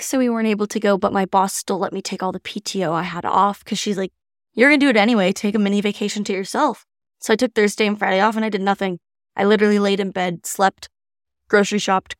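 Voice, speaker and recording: A bubbly young woman co-hosting a podcast, speaking in a mid-pitched voice. The recording is close and dry, with no room sound, and her chat is upbeat and eager. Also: no room sound. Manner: bubbly and enthusiastic. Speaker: podcast co-host.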